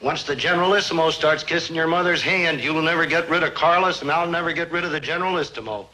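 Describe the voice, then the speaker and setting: An actor playing a grumbling, tight-fisted middle-aged father who complains gruffly in a 1960s sitcom style. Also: fairly high pitch, fast, background noise, natural voice. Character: grumbling penny-pinching middle-aged dad.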